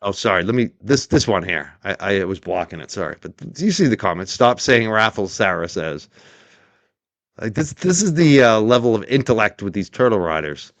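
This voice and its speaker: A man's voice: fairly low pitch, big pitch swings, brisk, dry recording. A man hosting a commentary stream, ranting in a sarcastic, mocking tone. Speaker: show host and commentator. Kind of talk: livestream commentary.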